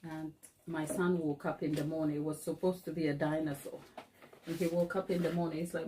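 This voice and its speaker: Woman host of a live baking tutorial: low-pitched, self-mocking, laughing easily while she works. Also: steady tone, brisk, noisy background. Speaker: cake decorating tutor.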